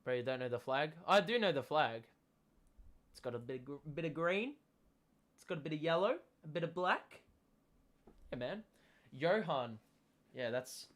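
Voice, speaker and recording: Young male streamer, slightly higher pitch, chatty and self-deprecating, erupts on big plays. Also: normal speed, long pauses. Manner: excitable, gets loud calling big plays. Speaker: streamer hosting a basketball watchalong. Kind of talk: live casual commentary, reading chat.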